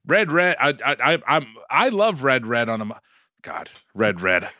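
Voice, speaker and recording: A man's voice: mid-range voice, very animated, normal speed, sharp tone, dry recording, clean studio sound. A man co-hosting a podcast, joking around in casual chat and asking playful questions. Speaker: podcast co-host.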